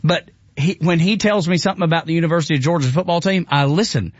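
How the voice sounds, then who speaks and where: A man's voice: fairly high pitch, fast, dry recording, highs cut off. A man with a Southern US accent, a country radio host chatting casually, laid-back and drawling, often laughing.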